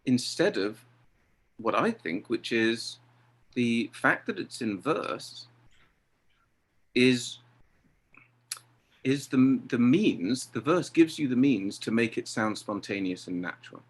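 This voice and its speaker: A middle-aged man talking about directing, lively and acting out exchanges he quotes. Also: mid-range voice, slow, pauses often, slightly rough. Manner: animated, acts out quoted exchanges. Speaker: theatre director. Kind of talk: conversational interview.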